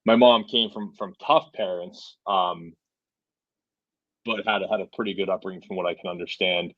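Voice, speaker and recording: With a deep voice, a steady tone and normal speed, a truck driver in his forties from Massachusetts shares stories as a podcast guest. His telling is casual and rambling, sprinkled with "you know" and "right?". The recording is muffled but has no echo.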